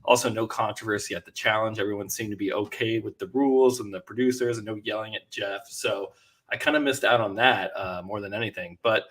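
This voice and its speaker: A man co-hosting a casual reality show recap, relaxed and analytical. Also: on the low side, a little fast. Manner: relaxed, analytical, some fillers. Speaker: podcast co-host. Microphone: video call.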